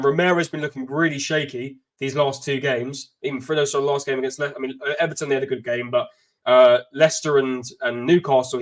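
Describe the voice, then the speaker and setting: Man, football chat host, quick delivery, slightly high voice, animated. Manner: animated, talks in bursts. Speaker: channel host.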